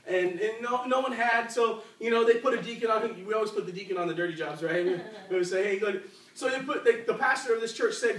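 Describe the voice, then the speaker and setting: High-voiced man preaching in an echoey church. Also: fast talker, a bit bright, far from the mic, a little hiss or hum. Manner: conversational, asks the crowd questions, many fillers. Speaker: youth preacher. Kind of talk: sermon with storytelling. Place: church youth service, large room. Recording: echoey room, voice from off-mic.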